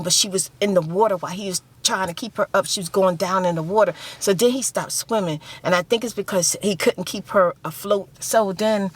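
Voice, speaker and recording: A woman's voice: mid-range voice, breathy edge. Emotional woman telling a story. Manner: emotional, repeats phrases, acts out screams and quotes. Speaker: ASMR vlogger. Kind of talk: casual storytelling.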